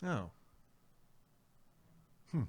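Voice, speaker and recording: A man co-hosting a comedy podcast, reacting to a story with quick, wry jokes and questions. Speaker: podcast co-host. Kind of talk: casual comedic chat.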